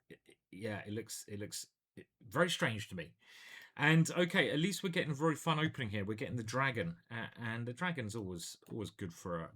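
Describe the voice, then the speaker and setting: A man's voice: lowish voice, fairly bright tone. A man, a chess grandmaster, commentating live on his own online games in a chatty, self-deprecating way, thinking aloud at a home computer.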